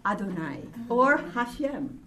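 Woman, Hebrew teacher, patient step-by-step explaining, slow pace. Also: mid-range voice, big pitch swings, bright, forceful tone. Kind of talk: classroom lesson.

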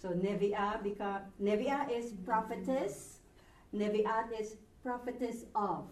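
A woman's voice: medium pitch, slow pace, darkish tone. A woman teaching a language class, patient and encouraging, sounding out words syllable by syllable. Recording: echoey room from a distance, faint background noise.

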